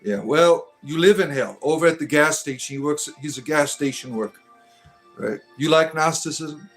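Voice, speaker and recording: A man's voice: fairly high pitch, normal speed, fairly bright tone, faint music behind. A man hosting a livestream, reading chat aloud and answering with crude, sarcastic humor and preachy rants.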